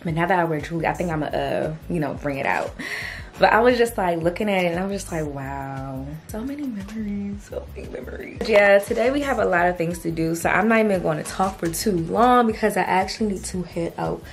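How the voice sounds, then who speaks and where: A young woman vlogger chatting casually to camera, excitable and full of slangy asides. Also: fairly low pitch, fast talker, creaky.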